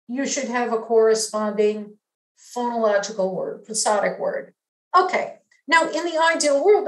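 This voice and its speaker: A woman with a New York accent delivers an academic lecture, explaining each point in a measured way and stressing key terms. Her voice sits a little high, and she speaks slowly. The sound carries a noticeable room echo.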